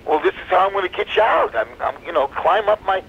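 Brief: a man doing a needy male elephant in a high squeal for a radio joke, gravelly edge. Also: huge pitch swings, fast, highs cut off, slight background noise, full character voice. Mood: eager. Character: stranded pleading male elephant.

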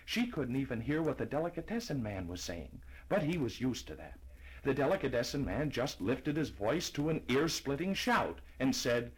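Lively husky-voiced male storyteller. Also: mid-range voice, moderate pace, poor audio. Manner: lively, expressive reading. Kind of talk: storybook narration.

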